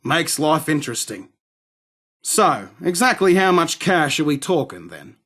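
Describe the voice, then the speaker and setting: Brief: a cocky arms dealer, crude and sardonic, slightly high voice, slow drawl. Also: male voice, big pitch swings, a bit bright, exaggerated voice. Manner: sardonic, swaggering, rude. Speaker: game character. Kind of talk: game voice acting.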